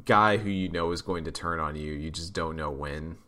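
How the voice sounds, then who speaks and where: A man's voice: extremely low pitch, moderate pace, pushed and bright. A man co-hosting a podcast, chatting casually and rambling with fillers and restarts. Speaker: podcast co-host. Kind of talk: casual chat.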